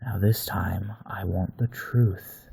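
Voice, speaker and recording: A man's voice: low-pitched, fairly even intonation, slow, vocal fry, mellow, husky, no echo, exaggerated voice. A man reading aloud and voicing a male werewolf killer who talks in a mock-fatherly, toying way, with sudden snarls. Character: male werewolf killer, deep smooth voice, fatherly yet cruel.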